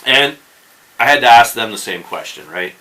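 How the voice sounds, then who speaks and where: A man's voice: mid-range voice, lively intonation, moderate pace, sharp tone, slight background noise, poor audio. A man hosting a fishing channel, explaining tips in a casual instructional talk and often checking in with the viewer. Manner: chatty, keeps checking in with "okay?" and "right?".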